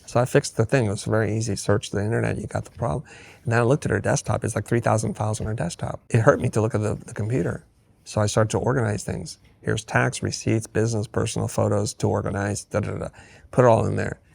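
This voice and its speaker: Guy with a low gravelly voice, guest on a chat show, acts out the back-and-forth, blunt and kinda dry-funny. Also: fast talker, no room sound. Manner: animated storyteller acting out quoted dialogue; blunt, wry humor. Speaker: podcast guest. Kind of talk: candid interview conversation.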